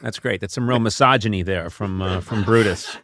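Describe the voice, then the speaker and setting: A man's voice: on the low side, a little fast, a bit bright, no echo, clean studio sound. A man in his sixties hosting, joking sarcastically and teasing through comedic banter. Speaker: host.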